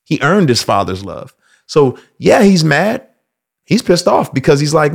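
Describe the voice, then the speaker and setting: A man hosting casual faith commentary, telling stories in an animated way and slipping into acted voices. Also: a little high, a little slow, gravelly. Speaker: host.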